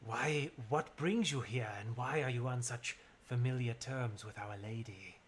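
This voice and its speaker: A man's voice: mid-range voice, lightly acted. A man voicing a creepy, fawning male cult acolyte who whispers, giggles and draws out his words in a tabletop game. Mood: oily. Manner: hissing whisper, giggling, drawn-out.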